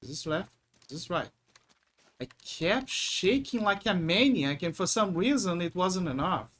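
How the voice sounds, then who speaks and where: A young man streaming a game, excitable and cursing when frustrated. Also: high-pitched, unhurried. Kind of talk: gameplay commentary.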